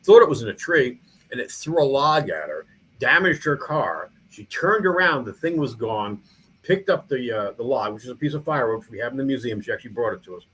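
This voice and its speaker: The poor audio captures a husky, medium-pitched, brisk voice from a middle-aged man, a small-town mayor and museum founder. In a casual interview he tells stories in a rambling, animated way, restarting often and leaning on fillers.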